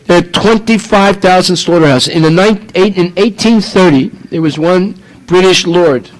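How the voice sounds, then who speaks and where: High-voiced guy preaching a sermon, punchy, lots of rhetorical questions. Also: normal speed, poor audio. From United States.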